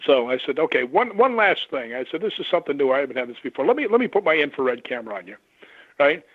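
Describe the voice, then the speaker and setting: A man who investigates the paranormal, telling lively stories and acting out the voices of the people in them. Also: fairly high pitch, fast, dry recording. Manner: animated anecdotes, acts out quoted voices. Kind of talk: storytelling on a radio call-in. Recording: tinny phone line.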